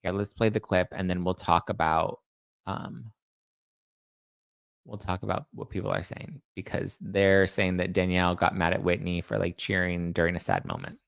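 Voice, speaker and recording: A man's voice: low voice, lively intonation, normal speed, creaky, fairly bright tone, smooth, no echo. A man hosting a celebrity gossip show, chatting casually in a rambling way and reading out viewer comments. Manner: rambling, chatty, restarts and self-corrects. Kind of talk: casual chat.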